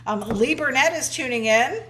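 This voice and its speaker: A woman's voice: high-pitched, lively intonation, moderate pace, a bit bright, slight background noise. A woman co-hosting a live stream, chatting casually and reading viewer comments aloud. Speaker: co-host reading live chat.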